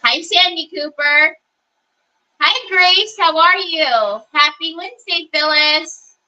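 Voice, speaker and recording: A woman's voice: very high voice, slow pace, sharp tone, dull audio. A woman hosting a live crafting stream, thinking aloud as she works and greeting viewers by name. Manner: chatty, greets viewers by name while working. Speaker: craft livestream host. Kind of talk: casual live crafting chat.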